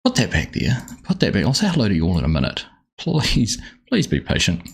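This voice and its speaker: Husky, low-voiced Australian man streaming. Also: wildly swooping pitch, racing. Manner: chatty and rambling, greeting viewers by name. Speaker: game streamer. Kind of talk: casual live-stream chat.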